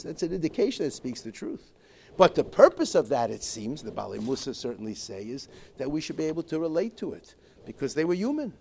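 A man with a gravelly voice gives a Torah lecture, stopping and restarting his phrases again and again. He slips Hebrew and Yiddish words into his English, with faint noise in the background. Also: mid-range voice, darkish tone. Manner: halting, with many repeated restarts. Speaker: rabbi teaching a Torah class.

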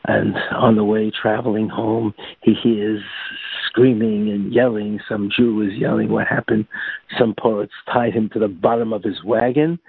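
Gravelly man telling a religious tale. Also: lowish voice, steady tone, no room sound. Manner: halting, with repeated restarts and fillers. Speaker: storyteller. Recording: tinny phone-like, dry recording.

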